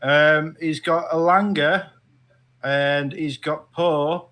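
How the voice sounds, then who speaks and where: A man's voice: on the high side, fairly even intonation, slow pace, fairly bright tone. A man chatting casually as a guest on a fantasy football watchalong, telling his story in a playfully dramatic way.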